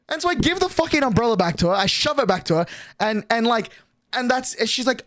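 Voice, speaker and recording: A male streamer rattles through a story at a quick pace, every sentence stuffed with fillers and curse words. His pitch bounces around lively, and the recording is dry and close.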